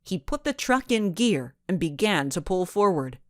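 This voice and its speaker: A woman narrating a children's mystery audiobook in an expressive storytelling manner. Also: fairly low pitch, moderate pace, no room sound, studio quality.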